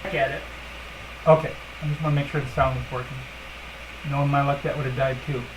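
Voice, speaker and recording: A woman's voice: very deep voice, steady tone, fairly quick, background noise. A woman hosting a casual livestream, talking bluntly and emphatically with lots of fillers and asides at her computer. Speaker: livestream host.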